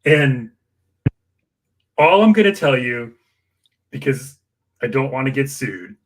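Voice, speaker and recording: A man telling campaign stories in casual chat, animated and full of acted-out quotes. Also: takes it slowly, slight background noise. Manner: animated, acts out quoted dialogue with big pitch jumps. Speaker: political campaign staffer and guest storyteller. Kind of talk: casual conversational storytelling.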